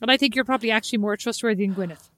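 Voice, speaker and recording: Podcast co-host: woman, teasing and chatty, fairly high voice, dry close sound. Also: racing, fairly bright tone, no room sound. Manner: teasing, chatty, self-correcting. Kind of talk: casual chat.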